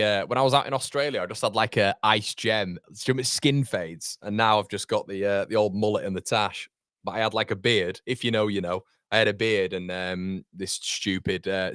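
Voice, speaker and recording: Low-voiced fan hosting a watchalong. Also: male voice, fairly bright tone, no room sound, studio quality. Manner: chatty, blunt, swears freely. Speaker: fan channel host. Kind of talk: live match watchalong commentary.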